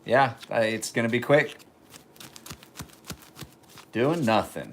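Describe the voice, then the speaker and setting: A man's voice: mid-range voice, expressive, measured pace, pauses often, a bit bright, slight background noise. A man casually chatting on a livestream from his home kitchen, rambling and joking as he talks. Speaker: knife sharpener and livestream host.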